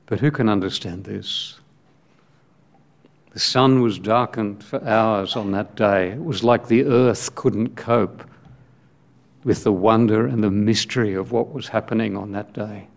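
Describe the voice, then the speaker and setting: A man delivers a sermon in a fairly low voice at an unhurried, deliberate pace. He speaks in short, emphatic phrases with long pauses between them. He reads scripture aloud as part of the preaching. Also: vocal fry.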